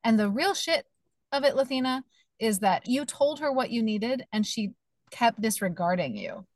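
Podcast host lady, high-ish voice, super emphatic, dry close mic. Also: very animated, normal speed, no room sound. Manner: emphatic, sympathetic, speaks directly to listeners. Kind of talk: casual interview chat.

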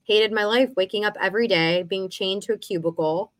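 Lively woman co-host, dry close sound. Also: medium pitch, fairly quick, no room sound. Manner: animated storytelling, acting out past conversations. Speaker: podcast co-host. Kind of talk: casual chat.

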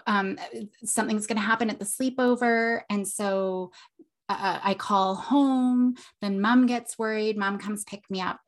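A woman teaches parents on her podcast in a conversational, animated way. She voices children's reactions as she explains, and checks in with frequent "right?" Her voice sits in the middle of the usual range for a woman. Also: mid-range voice. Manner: animated, acts out children's lines, asks "right?" often. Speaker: podcast host and child therapist. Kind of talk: educational podcast talk.

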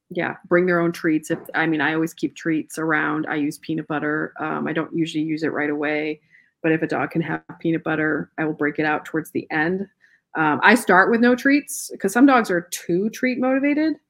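A woman's voice: sits low, fairly even intonation, normal speed. A woman guest, a pet photographer, chatting casually in an interview, laughing often and trailing off mid-sentence.

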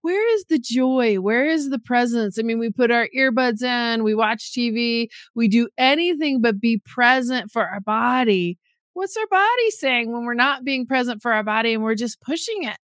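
A woman's voice: on the high side, animated, normal speed, fairly bright tone, dry recording, clean studio sound. Affirming woman interviewer. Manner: affirming, reflective questioner. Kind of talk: conversational interview.

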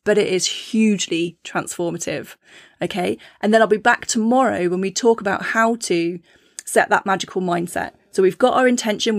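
Woman, podcast host, mid-pitched, upbeat and playful, dry close sound. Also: dry recording. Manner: upbeat, acts out her inner voice with playful exclamations. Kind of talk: solo motivational talk.

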